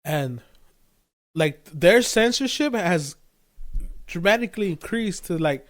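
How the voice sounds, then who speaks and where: A man's voice: high voice, animated, takes it slowly. Rambling man on a casual podcast. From California. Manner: rambling, searches for words, laughs often. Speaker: podcast co-host. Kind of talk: casual chat.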